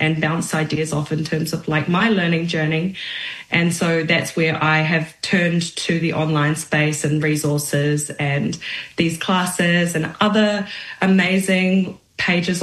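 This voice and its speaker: A woman with a fairly low voice talks as a guest in a relaxed interview. She is reflective and halting, and she restarts her sentences. Her voice carries a roomy echo. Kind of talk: casual interview conversation.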